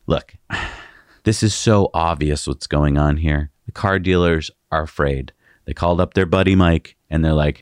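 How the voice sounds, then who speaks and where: A man co-hosting a casual tech news show, sarcastic and animated. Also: a bass voice, a little fast, no echo, studio quality. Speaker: co-host.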